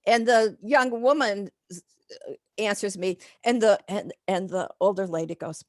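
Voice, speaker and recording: A woman's voice: mid-range voice, moderate pace, a little mellow, no echo, studio quality. An older woman, a professor, giving a chatty, digressive slide lecture full of fillers and asides.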